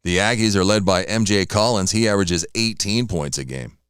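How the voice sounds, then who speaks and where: A man with a lowish voice hosts a solo radio talk show, rambling easily from one thing to the next. His sound is close and dry with no room around it. He keeps a loose, chatty flow. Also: fairly quick, fairly bright tone, clean tone, dry recording. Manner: rambling, chatty, talks while eating.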